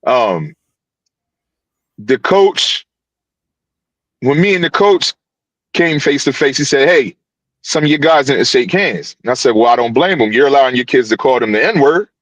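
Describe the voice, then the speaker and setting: A youth football coach telling a story on a podcast over a video call, animated and full of restarts. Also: male voice, mid-range voice, unhurried, pauses often, no echo, poor audio. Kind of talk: casual podcast guest recounting events.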